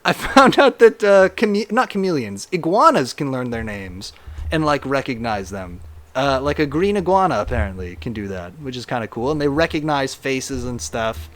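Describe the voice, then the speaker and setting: A man streaming a game live, chatting casually and reading viewer comments aloud in an animated way. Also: mid-range voice, moderate pace.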